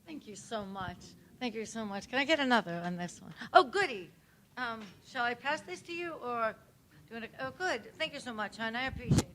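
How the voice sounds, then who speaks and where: Brief: woman facilitator, chirpy and encouraging, slightly high voice. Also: animated, a little fast, a bit bright, a little hiss or hum. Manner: cheerful, thanking each sharer. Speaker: workshop facilitator. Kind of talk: passing the mic in a workshop. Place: meeting room at a workshop.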